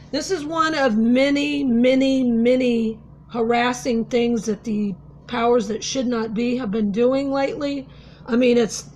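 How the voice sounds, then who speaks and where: A vlogger tells a story to camera in a casual, earnest, conversational way, full of fillers and restarts. Her voice is a little high, with slight background noise.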